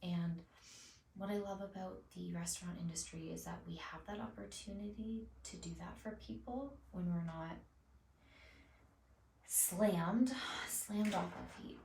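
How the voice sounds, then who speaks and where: A woman vlogging to camera in a soft, often half-whispered, emotional way, set back from a camera mic. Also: on the low side, a little slow, gravelly, distant mic. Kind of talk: heartfelt vlog monologue. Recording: roomy sound from off the mic, faint noise.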